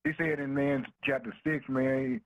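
A man's voice: medium pitch, flat delivery, a little slow, creaky, no echo, phone-quality sound. A man preaching a sermon in a rhythmic, emphatic way, asking himself "what?" and answering, and dropping "man" and "boy" between phrases in informal dialect. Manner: informal dialect speech with "ain't no".

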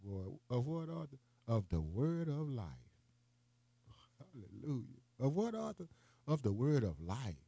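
Calling his listeners "boy" again and again, an older man delivers a folksy broadcast sermon, his mellow voice climbing into high, emphatic stretches. There's no room sound.

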